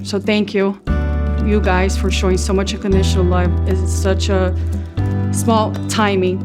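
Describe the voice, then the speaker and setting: A woman speaks slowly and earnestly, giving her testimony with gratitude. Her pitch stays level and flat, and a guitar plays clearly underneath. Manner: earnest, grateful, slow and emotional. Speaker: church member giving testimony. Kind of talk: personal testimony. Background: guitar playing softly.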